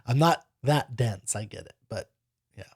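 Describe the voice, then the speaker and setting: A man's voice: medium pitch, animated, measured pace, husky. A man hosting a reaction video, giving casual commentary in rambling, self-correcting explanations full of fillers.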